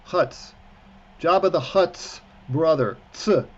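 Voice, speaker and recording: Slow and slightly rough, a man's fairly high voice comes through dull audio as he teaches a video-call class. The cantor is instructing prayer book reading, sounding encouraging and chatty, with joking asides along the way.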